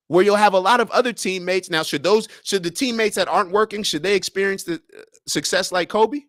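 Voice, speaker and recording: A young man hosting a casual livestream reads viewer comments aloud and argues back using sports comparisons. His voice is a bit high and bright for a man, fairly quick, and the sound is dry and close with no room echo.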